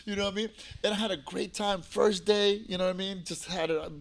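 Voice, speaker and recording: A man in his forties from New York, a guest telling stories in a lively, profane, casual way. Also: high voice, fast talker, creaky. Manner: animated, profane, acts out quoted voices. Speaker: podcast guest, former fighter. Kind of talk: casual storytelling.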